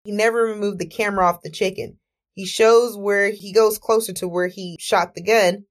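A woman hosting her own podcast, her voice sitting at an ordinary middle pitch. She tells the story in a loose, animated way, with disbelieving exclamations and plenty of cursing. Every so often she reins herself in and tells herself to breathe. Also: moderate pace. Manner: animated, exclamatory, swears freely; talks herself down with deep breaths. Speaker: podcast host. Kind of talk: casual storytelling monologue.

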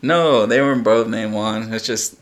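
A young man with a lowish voice tells a story in casual podcast chat. He acts out what everyone said, swears freely and laughs along the way. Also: moderate pace. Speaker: podcast co-host.

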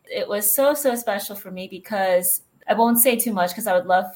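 A woman's voice: mid-range voice, moderate pace, a little mellow. A woman who works as a transition coach, answering interview questions in an earnest, reflective way.

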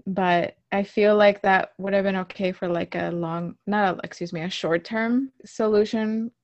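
A woman's voice: mid-range voice, fairly even intonation, normal speed, no room sound, lo-fi sound. A young woman co-hosting a podcast, chatting casually and recapping an episode with lots of fillers and laughs. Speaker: podcast co-host.

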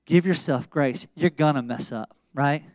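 A man preaching a sermon in a casual, slangy storytelling way, swinging between loud emphasis and quiet, intimate moments. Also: on the high side, a little slow, no echo. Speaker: pastor.

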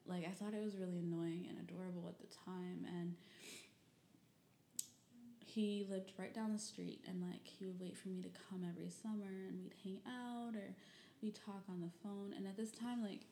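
A woman's voice: on the low side, steady tone, normal speed, creaky, mellow, echoey room, a little hiss or hum. A young woman from Michigan telling personal stories and reading old diary entries in a rambling, candid way, full of fillers and the odd curse. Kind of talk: personal storytelling.

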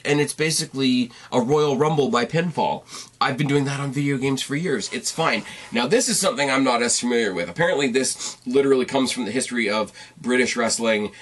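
A man's voice: medium pitch, fairly bright tone. Tired congested guy rambling through a wrestling recap, wry little asides, keeps correcting himself. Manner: rambling, self-interrupting and wry. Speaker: podcast host reviewing wrestling. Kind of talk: casual recap commentary. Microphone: on camera at a desk.

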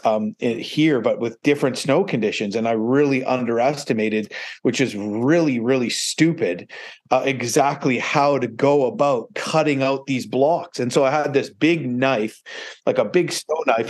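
A man speaks at an ordinary, mid-range pitch as a podcast guest. He tells his story in a loose, rambling way and keeps restarting his sentences. The telling is animated and conversational. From Canada. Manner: rambling, many fillers and restarts, animated retelling. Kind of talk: casual storytelling.

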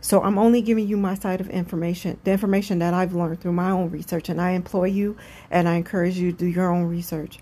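A woman's voice: on the low side, level tone, fast, dark tone. A woman hosting her own podcast, talking alone at home late at night in a rambling, chatty, self-aware way. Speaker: podcast host. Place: home room with windows open.

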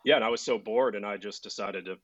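A man's voice: fairly low pitch, quick pace, a bit bright, no echo. A man telling stories as a podcast guest, self-deprecating and hesitant. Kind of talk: casual storytelling chat. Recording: dull lo-fi sound.

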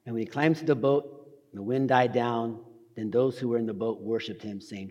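A man preaching a casual, animated sermon, talking fast and tossing in slang. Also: mid-range voice, big-room sound, highs cut off. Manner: talks fast. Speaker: pastor. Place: church hall.

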